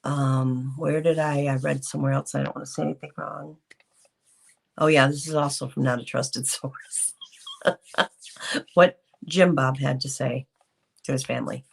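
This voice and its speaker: A woman's voice: rumbling low, fairly even intonation, normal speed, creaky, long pauses, breathy edge. A woman hosting a casual live reaction stream, talking unscripted with many ums and greeting viewers in the chat. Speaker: livestream host.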